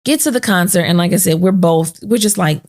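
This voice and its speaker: A woman hosting a sit-down podcast conversation tells an emotional personal story, acting out the voices of the people involved. Her voice is on the low side and a little mellow, and she talks briskly.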